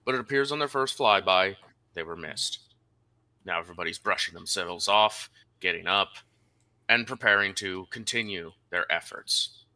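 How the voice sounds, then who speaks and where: Deep forceful game master narrating. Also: male voice, moderate pace. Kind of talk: narrating a tabletop wargame campaign.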